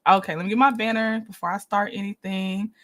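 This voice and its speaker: A woman's voice: mid-range voice, fairly even intonation, fast talker, fairly bright tone. A woman hosting a casual livestream, chatting and laughing often as she greets her viewers one by one by name. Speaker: livestream host.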